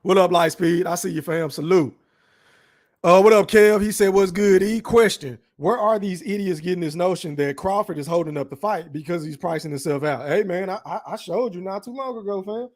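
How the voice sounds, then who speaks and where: A young man hosting a live stream in casual chat, animated and profane, reading shout-outs from the chat. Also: high-pitched, fairly quick. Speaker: podcast host streaming live.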